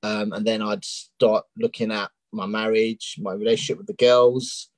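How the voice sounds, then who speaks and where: A man in his thirties from England with a London accent, a coaching client talking openly as a guest in a casual interview, with many ums and pauses. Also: on the low side, flat delivery, dry recording, rough recording. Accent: London English. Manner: open and candid, with many ums. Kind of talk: casual interview on a live stream.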